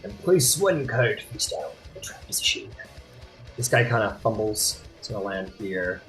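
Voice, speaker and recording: Guy running a tabletop game, bouncy animated voice, little guitar music in the background. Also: fairly low pitch, normal speed. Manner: lively, chatty, apologetic asides. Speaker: game master. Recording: faint guitar music behind.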